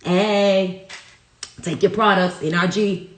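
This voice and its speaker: A woman's voice: mid-range voice, steady tone, takes it slowly, slight background noise. A woman leading a motivational livestream, declaring affirmations one after another in a strong preacher-like cadence. Her voice sits in a middle register and carries a roomy echo around it. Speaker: wellness livestream host. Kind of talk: motivational affirmations and pep talk. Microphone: livestream to a large online audience.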